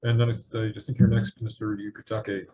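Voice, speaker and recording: Brisk man chairing a hearing, dull audio. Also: on the low side, little pitch movement. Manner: brisk, matter-of-fact calling of witnesses. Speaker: committee chair. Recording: dull lo-fi audio with faint noise.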